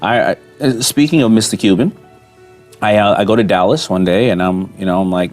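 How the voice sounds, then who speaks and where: Animated man spinning an anecdote, quotes voices, light music bed. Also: on the low side, a little fast. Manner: animated, acts out quoted dialogue. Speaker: interview guest. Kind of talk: casual storytelling. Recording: music playing underneath.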